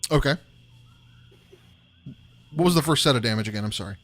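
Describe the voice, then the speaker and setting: Running a tabletop game as dungeon master, a man narrates combat in an expressive mid-range voice with a fairly bright tone. He often corrects himself, sounding apologetic as he rattles through quick rules talk.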